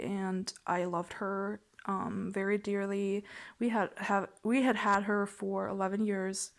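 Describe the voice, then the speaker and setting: A young woman vlogging a plush unboxing, gushing and giggling with many fillers and restarts. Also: mid-range voice. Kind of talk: casual unboxing vlog.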